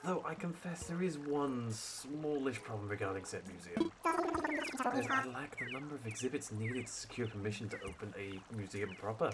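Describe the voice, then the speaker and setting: A man's voice: very animated, normal speed, heavy background noise. A man voicing a fussy, scholarly male owl museum curator who is squeamish about bugs, reading game dialogue in a pompous, sophisticated tone. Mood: lecturing. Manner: pompous, sophisticated tone with flowery wording and sudden squeaky jumps. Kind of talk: reading game dialogue aloud in character on a stream. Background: loud game music.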